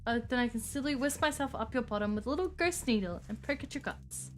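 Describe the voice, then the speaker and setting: A woman voicing a lonely ancient female vampire who speaks in a haughty, archaic, calmly menacing way. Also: a little high, fast, soft background music, lightly acted.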